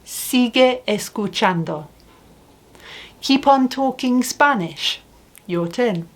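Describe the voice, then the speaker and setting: A woman's voice: a little high, lively intonation, slow. A woman teaching a language lesson, patiently asking questions and modeling phrases for the learner. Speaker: Spanish teacher. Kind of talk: slow spoken language lesson.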